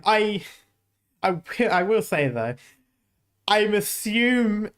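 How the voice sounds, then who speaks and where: A streamer chats through game trailers in a relaxed, rambling way, often breaking into giggles mid-thought. The voice sits in a middle register, and the talk wanders with frequent restarts and asides. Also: mid-range voice, slow, clean tone. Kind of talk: casual reaction commentary.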